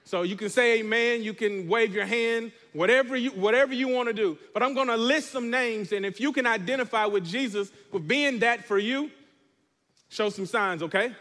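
A man preaching to his congregation, reading scripture aloud and asking the room to answer back. His voice sits high for a man. The sound carries a long reverb, as in a church hall. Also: moderate pace, fairly bright tone. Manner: preaching, asks the congregation to respond. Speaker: pastor. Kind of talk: sermon.

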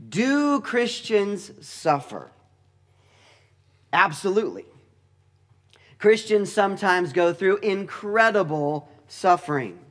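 A man teaching through a Bible passage in a deliberate, explanatory way, with touches of dry humor. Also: high-pitched.

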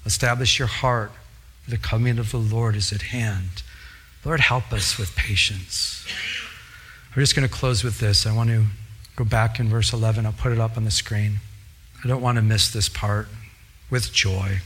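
A man preaching a sermon as pastor in a church, telling lively stories with laughter and acted-out voices. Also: on the low side, normal speed, slight background noise. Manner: lively storytelling with laughter and impressions.

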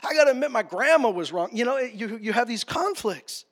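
A male pastor preaching a sermon, passionate, swinging between quiet, tender passages and loud, urgent ones. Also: very high-pitched, animated, fairly quick.

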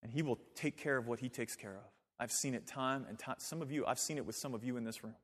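A man's voice: mid-range voice, quick pace, fairly bright tone, big-room sound. A man preaching a sermon to his church, emphatic with conversational asides. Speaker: pastor. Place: church sanctuary.

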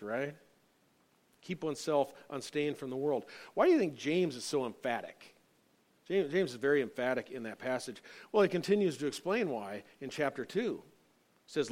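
A male pastor giving an earnest sermon, reading scripture and building to emphatic points with frequent fillers. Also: on the high side.

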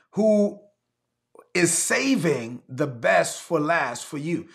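A man's voice: high voice, vocal fry, a bit bright. A man preaching a sermon as pastor, emphatic and repetitive, exhorting his listeners.

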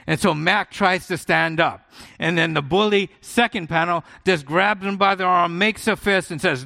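An older man preaching a sermon, telling a story with lively acted-out voices and self-mocking humor. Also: sits high, moderate pace, gravelly. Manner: animated, acts out comic-strip voices, self-mocking humor. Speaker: pastor.

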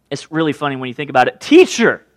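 A male preacher giving a sermon, retelling a scripture story in a casual, joking, animated way. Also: a little high, no room sound.

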